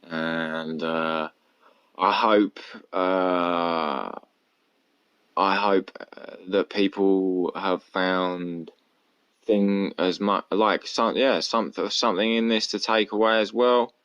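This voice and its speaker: A man's voice: deep voice, fairly even intonation, slow pace, fairly bright tone, clear, resonant tone. A man hosting a casual solo podcast, rambling and candid, swearing constantly. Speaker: podcast host. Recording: dull lo-fi recording.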